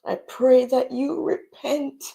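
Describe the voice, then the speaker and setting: An adult woman with children hosts an emotional livestream, preaching and pleading with her viewers while crying at times. Her voice is high, steady, slow, gravelly, and mellow.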